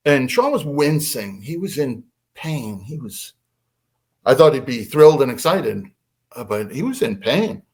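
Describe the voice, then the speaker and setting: A man, a podcast guest, telling a story in a lively way and acting out quotes. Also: measured pace. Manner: lively, acts out quotes with big pitch swings. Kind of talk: animated storytelling.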